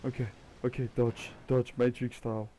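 A man's voice: medium pitch, level tone, moderate pace, mellow, slight background noise. A man giving casual commentary while playing a game with a friend, repeating short urgent commands and calling him "bro".

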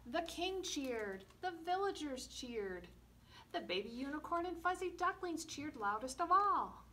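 Slow, expressive woman reading a picture book. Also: sits high. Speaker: children's librarian. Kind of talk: storytime read-aloud. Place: library storytime room. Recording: distant mic with faint room noise.

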